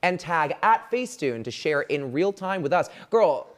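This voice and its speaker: A sassy co-host keeps up playful, campy live-stream banter. The voice sits low but moves in lively swoops. The delivery has a showy sparkle. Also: female voice, moderate pace. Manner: sassy, campy, says "baby" a lot. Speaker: co-host of a live online show.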